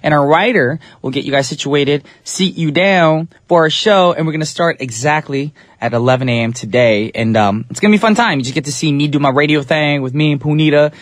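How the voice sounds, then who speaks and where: A man's voice: a little high, a little fast, few pauses, no echo. Upbeat male radio DJ, dry studio sound. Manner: upbeat, chatty, playful slang. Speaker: radio DJ host. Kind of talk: live radio DJ chat. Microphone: studio microphone.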